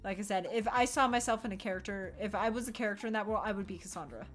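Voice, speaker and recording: An excitable young woman chats casually on her stream, breaking into laughs and playful swearing as she acts out little quotes. Her talk swings up and down with enthusiasm. Faint music plays behind her. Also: medium pitch, very fast. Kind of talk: casual chat.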